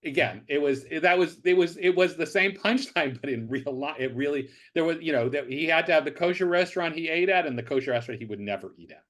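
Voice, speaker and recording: A man, a professor, chatting as a guest and telling old jokes, with halting starts before settling into the story. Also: on the high side, a bit bright. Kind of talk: casual conversation, telling jokes.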